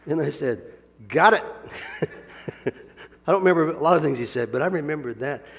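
Gravelly guy preaching a sermon, gets loud then soft, big echoey hall. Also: a little high, normal speed. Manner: animated, swings from soft asides to loud emphatic bursts, chuckles often. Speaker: pastor.

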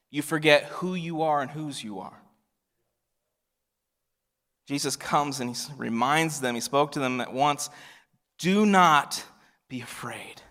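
A male pastor preaching a sermon, swinging from loud emphatic lines to hushed near-whispers. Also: fairly high pitch. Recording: long reverb of a large hall.

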